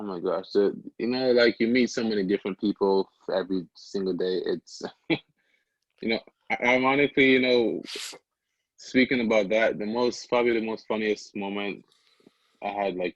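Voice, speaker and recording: A young man from Antigua, guesting on a podcast, talks easily and laughs a lot between his words. His voice is lowish and dry, and the sound is a little dull and muffled. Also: normal speed, no echo. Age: young adult. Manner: easygoing, laughs often, many fillers. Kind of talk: casual interview chat.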